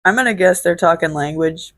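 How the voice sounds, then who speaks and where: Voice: medium pitch, brisk, fairly bright tone, dry recording. A vlog host from Illinois works through a list of questions, cursing freely and cracking dry, sardonic asides. The voice sits in a middle range. It is recorded close and dry, with no room sound. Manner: blunt, profane and sardonic. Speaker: show host. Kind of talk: casual solo question-and-answer vlog.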